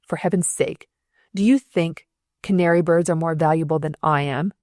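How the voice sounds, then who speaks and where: A gruff, blustering middle-aged surgeon, as a woman reading the story puts him on, pitched a little below her usual voice. He talks bluntly and huffs his words out. The sound is close and dry, with no room around it. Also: normal speed, darkish tone, no echo, lightly acted. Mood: snappish.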